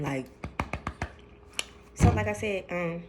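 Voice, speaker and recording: A woman's voice: sits low, steady tone, normal speed, over loud music. Chatty rambling woman vlogger. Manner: rambling, chatty, lots of fillers; addresses viewers as y'all. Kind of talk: casual talking-to-camera vlog.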